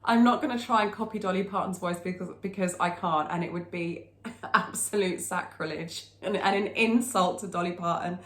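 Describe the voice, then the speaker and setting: A woman's voice: mid-range voice, roomy sound. A woman teaching a singing lesson, explaining technique and breaking into short sung demonstrations.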